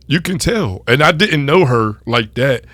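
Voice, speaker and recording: A man hosting a podcast interview, reflective and soft-spoken, with many fillers. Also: mid-range voice, expressive, unhurried, no echo. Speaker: podcast host. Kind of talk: interview conversation.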